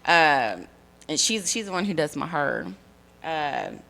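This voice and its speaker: A woman's voice: sits low, sing-song, slow pace, vocal fry, a bit bright. A woman in her thirties in casual conversation, telling rambling stories with lots of fillers and laughter. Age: 30s. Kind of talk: casual chat.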